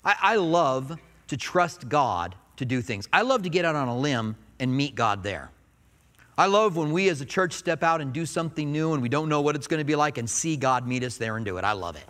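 A man preaching a sermon as a pastor in a church, animated and joking, with playful asides. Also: fairly high pitch, fairly quick, long reverb tail. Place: church sanctuary.

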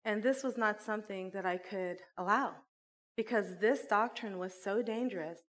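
A woman who runs a church school, teaching a sermon and telling a personal story with animated, laughing delivery. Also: medium pitch, normal speed. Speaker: Bible teacher and school director.

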